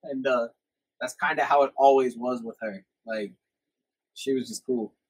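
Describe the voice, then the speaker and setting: A man's voice: medium pitch, steady tone, moderate pace, husky, low-quality recording. A young man hosting a podcast, telling rambling, profanity-laced stories from his youth in casual chat. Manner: swears a lot, rambling anecdotes. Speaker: podcast host.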